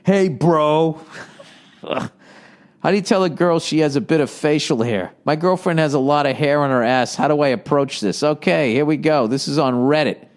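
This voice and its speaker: A man in his forties from the United States talks through a casual comedy podcast. His voice sits a little high for a man. He rambles, swears and sounds exasperated as he riffs. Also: moderate pace. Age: 40s. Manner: rambling, profane and exasperated, riffing off forum posts. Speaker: podcast host.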